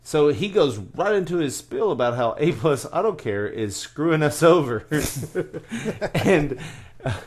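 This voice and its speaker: A man hosting a casual podcast, telling a story in quick, animated bursts full of fillers and restarts. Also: a little high. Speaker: podcast host.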